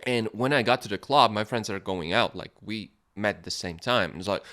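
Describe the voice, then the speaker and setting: A man hosting a podcast, telling a personal story in a casual monologue, animated and laughing in places, quiet and reflective in others. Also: lowish voice, fairly quick. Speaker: podcast host.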